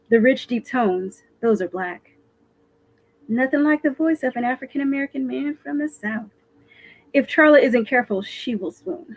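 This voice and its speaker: This woman author performs her own fiction for a virtual live stream with lively, animated storytelling. She speaks at a fairly high pitch, captured in low-quality audio.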